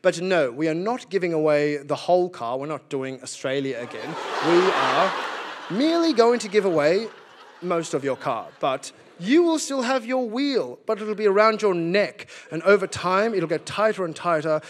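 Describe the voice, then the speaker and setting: A man's voice: high voice, animated, normal speed, a little hiss or hum. A man voicing a smug colonial British official who talks in a posh, falsely reassuring drawl.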